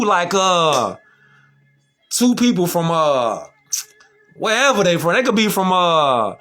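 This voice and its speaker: A man's voice: high voice, pushed and bright. A man talking in a casual, slangy monologue, emphatic and full of rhetorical questions. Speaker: vlogger.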